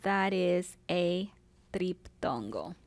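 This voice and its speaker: A woman teaching a recorded Spanish lesson, pronouncing words slowly and patiently and walking through them syllable by syllable. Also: fairly low pitch, expressive, no echo. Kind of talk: recorded classroom video lesson.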